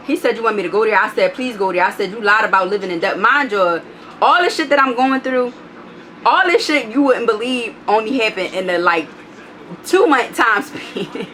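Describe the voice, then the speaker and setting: A woman's voice: a little high, lively intonation, normal speed, bright, forceful tone, a little hiss or hum. Blunt, profane woman vlogger telling a story. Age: adult, has a child. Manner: blunt, profane, retells arguments in quoted back-and-forth. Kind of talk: casual storytime monologue.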